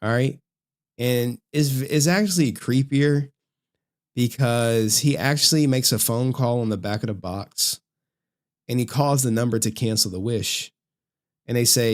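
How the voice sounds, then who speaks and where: Guy on stream recapping a movie, animated, keeps saying right?, does little voices for the quotes. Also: mid-range voice, unhurried. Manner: animated storytelling with frequent "right?" check-ins; acts out quoted lines in shifting voices. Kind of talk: casual film recap on stream.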